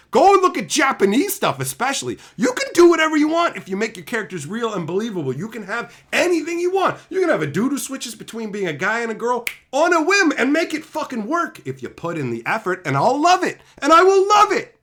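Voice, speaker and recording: A man rants on his own channel, swearing constantly and dripping with sarcasm. His voice sits fairly high and leaps up and down as he gets worked up. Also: wildly swooping pitch, quick pace, hardly any pauses, a bit bright. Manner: mocking voices of imagined critics. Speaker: channel host. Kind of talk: profane opinion rant.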